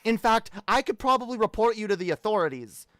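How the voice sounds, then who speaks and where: A man's voice: high-pitched, expressive, fairly quick, a bit bright, no room sound. A man streaming, ranting heatedly and swearing a lot. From Canada. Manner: heated, profane, repetitive. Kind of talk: ranting livestream talk.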